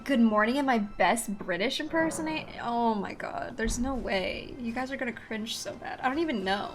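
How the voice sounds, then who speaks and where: A young woman streams a video game and chats casually with her viewers, giggly and self-deprecating. Her voice is a little high and her pace moderate, with video game music in the background.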